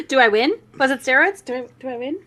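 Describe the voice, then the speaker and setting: Woman, lively and bright voice, giggly, casual chat, jokey co-host. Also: high-pitched. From Pittsburgh area. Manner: giggly, jokey, reads chat comments aloud. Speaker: podcast co-host.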